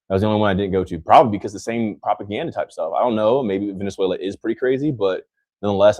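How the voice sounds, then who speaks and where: A man's voice: on the low side, a little mellow, no room sound, studio quality. A young man from the United States hosting a podcast, rambling in casual chat and filling his talk with "like". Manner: rambling, heavy use of "like". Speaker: podcast host.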